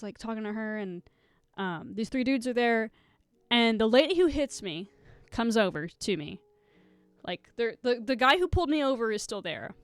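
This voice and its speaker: A woman's voice: medium pitch, smooth, dry recording. A young woman streaming live, telling a rambling story to her chat, swearing a lot and close to tears.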